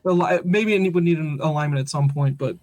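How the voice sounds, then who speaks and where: A podcast host with a slightly higher voice tells a rambling story to his co-host. He is animated, laughs through his words and often starts over mid-sentence. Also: a little fast. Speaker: father. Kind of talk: casual storytelling chat.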